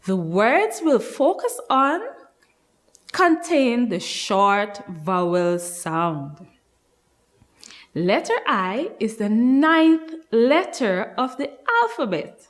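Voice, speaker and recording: A Guyanese woman teaching little children, her words slow and carefully spaced. Her slightly high voice leaps up and down in a lively, sing-song way, like a nursery lesson on television.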